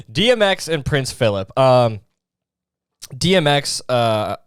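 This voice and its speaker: A man's voice: medium pitch, big pitch swings, takes it slowly, clear, resonant tone, no echo, studio quality. A young man hosting a comedy podcast, rambling and swearing with lots of filler words. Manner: rambling, profane, full of fillers. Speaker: podcast host.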